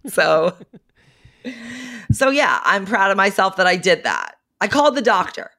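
A woman co-hosting a casual chat, talking in a relaxed, easygoing way. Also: mid-range voice, unhurried, gravelly, no room sound. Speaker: podcast co-host.

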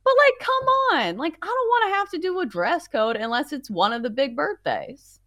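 Lively, bright young woman chatting casually. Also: sits high, moderate pace, dry recording, studio quality. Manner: chatty, heavy use of "like", wry. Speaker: sports betting podcast co-host. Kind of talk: casual chat.

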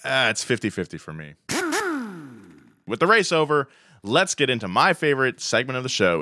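A man's voice: medium pitch, sing-song, moderate pace, pauses often, bright, forceful tone, no room sound, clean studio sound. A man co-hosting a casual podcast chat, rambling with fillers and asides. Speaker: podcast co-host.

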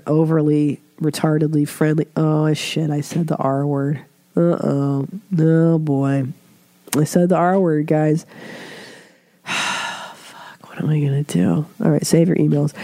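A woman's voice: deep voice, dark tone, dry recording. Congested, chatty, swearing woman host. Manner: chatty, swears freely, puts on voices when quoting others. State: congested from a cold. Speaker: podcast host. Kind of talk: casual chat.

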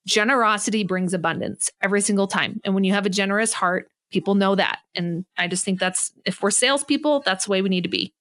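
A woman's voice: medium pitch, quick pace, hardly any pauses. Female business coach guest; emphatic, preachy motivational delivery. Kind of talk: podcast interview.

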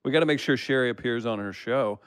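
Male host, mid pitch, relaxed and jokey, dry close recording. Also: quick pace, smooth, no room sound. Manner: laughs often, easygoing. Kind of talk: casual chat, reading listener comments.

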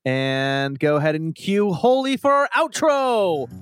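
A man co-hosting a podcast, talking in a chatty, emphatic way with quick asides. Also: fairly high pitch, big pitch swings, soft background music. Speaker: podcast co-host. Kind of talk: casual chat.

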